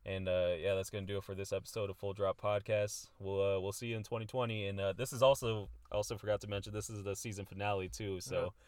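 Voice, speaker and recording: Deep-voiced laid-back podcast host. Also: male voice, level tone, fast talker, few pauses, clear, resonant tone, no room sound. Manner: laid-back, lots of fillers like "um" and "like". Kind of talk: casual podcast chat.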